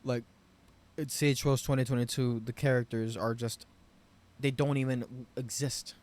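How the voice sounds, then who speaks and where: A man giving an unscripted game review rant, rambling and profane, with frustrated loud bursts. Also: medium pitch, little pitch movement, measured pace. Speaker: game commentary vlogger.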